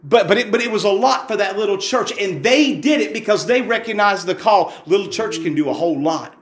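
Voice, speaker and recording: A man's voice: sits high, expressive, fairly quick, roomy sound. A man preaching a fervent, folksy testimony sermon in a church, repeating his phrases for emphasis.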